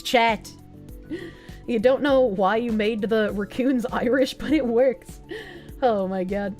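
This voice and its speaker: A young woman with a high voice rambles through a livestream, reading donations and chat aloud. She is animated and swears freely. Soft music plays quietly behind her. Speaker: streamer. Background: faint music.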